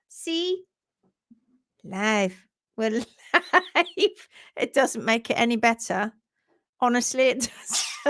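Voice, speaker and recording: A talkative woman hosts a casual livestream from her home office. Her voice sits high and she keeps up a friendly running chat, greeting viewers one by one and laughing easily. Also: a bit bright. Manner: chatty, greets viewers by name, laughs often. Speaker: host of a horse hoof care livestream.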